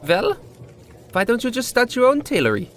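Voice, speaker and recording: A man's voice: extremely high pitch, huge pitch swings, moderate pace, a bit bright, a little hiss or hum, pitched above the performer's own voice, exaggerated voice. A man putting on a sly older bartender. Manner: delicate, odd-sounding, ends in a whisper. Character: older bearded male bartender, sly and scheming.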